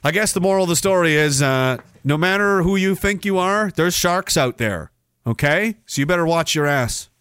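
A male podcast host rants loosely and sarcastically, swearing freely as he drifts from one tangent to the next. His voice sits a little high and sounds bright and sharp-edged. The recording is dry and close, with no room sound around him. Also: expressive, normal speed, smooth, no echo. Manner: profane, sarcastic, goes off on tangents. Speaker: podcast host reading chat messages. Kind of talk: casual ranting livestream talk.

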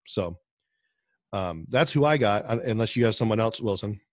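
Man, low voice, dry close sound, rambling casual co-host on a call. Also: animated, moderate pace, no room sound. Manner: rambling, with many ums and restarts. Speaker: podcast co-host. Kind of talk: casual podcast chat over video call. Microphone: video call.

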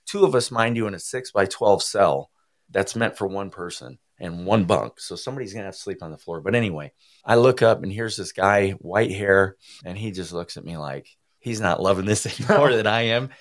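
A man as an interview guest, telling his personal recovery testimony in an earnest, emotional, halting way. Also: fairly low pitch.

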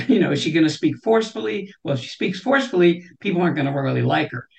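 A woman's voice: deep voice, animated, quick pace, vocal fry. A woman guest in a conversational interview, talking thoughtfully and often saying "you know".

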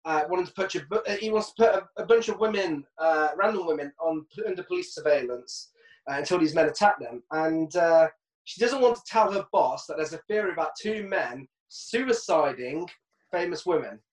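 A woman's voice: on the low side, animated, brisk, darkish tone. Woman podcast co-host, sarcastic plot recap, recorded off-mic in a roomy space. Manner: laughing, sarcastic retelling of film scenes. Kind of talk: casual film recap chat. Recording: echoey room, distant from mic.

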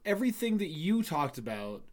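A man co-hosting a podcast in casual chat, wry and profane, delivering deadpan punchlines. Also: on the high side, a little fast. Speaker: podcast co-host.

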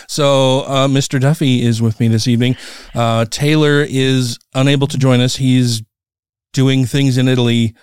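A man's voice: mid-range voice, little pitch movement, moderate pace, clear, resonant tone, no room sound, studio quality. A middle-aged man hosting a podcast, chatting casually with a laid-back, swearing manner and frequent laughs. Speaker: podcast host.

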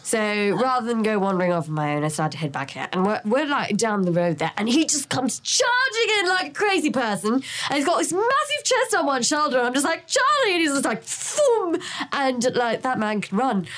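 A woman playing a tabletop game, telling her part of the story in an animated way, with sound effects and casual swearing. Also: on the high side, brisk, hardly any pauses. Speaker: player. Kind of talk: in-character recap in a tabletop game.

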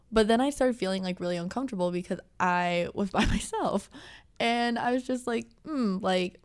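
A young woman co-hosting a podcast, telling a story in animated casual chat with many filler words. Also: a little high, fairly quick, clean tone. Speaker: podcast co-host.

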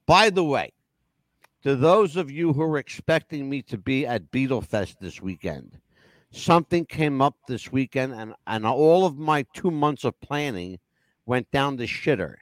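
A man hosting a casual talk show, telling stories in an animated way and swearing freely. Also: mid-range voice, measured pace, no room sound, clean studio sound. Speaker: show host.

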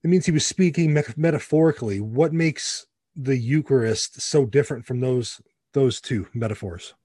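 A man hosting a conversation, asking questions in a slow, deliberate way. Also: medium pitch, dark tone, slightly rough, no echo, clean studio sound. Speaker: host. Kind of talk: casual interview questions.

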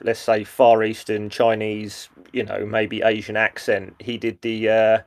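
A man's voice: fairly low pitch, unhurried. A man co-hosting a podcast, chatting casually and acting out quoted lines. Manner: relaxed, acts out quoted lines with voices. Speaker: podcast co-host. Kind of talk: casual chat about a sitcom episode.

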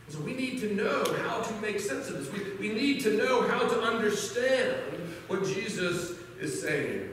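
A man's voice: sits high, fairly bright tone, slight background noise. A pastor preaching a sermon in an earnest manner, often repeating words as he starts a sentence. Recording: echoey church hall from far off.

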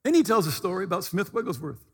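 A male pastor preaching a sermon, telling stories with animated delivery and shouting the quoted lines. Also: sits high, quick pace, big-room sound.

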